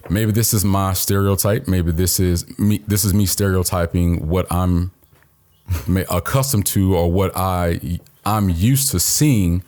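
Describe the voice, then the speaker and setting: A man's voice: low-pitched, mellow. A man co-hosting a podcast in casual conversation, speaking earnestly and openly about his feelings. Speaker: podcast co-host.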